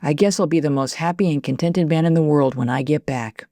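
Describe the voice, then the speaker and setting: A man's voice: a little high, brisk, mellow, no echo, studio quality, close to an everyday voice. A woman reading as a young soldier's war diary. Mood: wistful.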